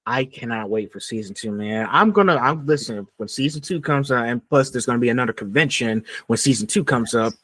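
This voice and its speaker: A man's voice: medium pitch, animated, fairly quick, few pauses, fairly bright tone. Eager young man hosting a podcast. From Georgia, US. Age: young adult. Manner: eager, enthusiastic fan questions. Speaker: podcast host. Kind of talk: casual podcast interview.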